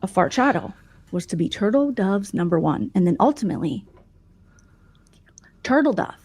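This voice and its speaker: A woman's voice: on the low side, brisk, slightly rough. A woman hosting a livestream, telling gossip in a mocking comedic style. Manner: mocking, animated, puts on voices for quotes. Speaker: livestream host.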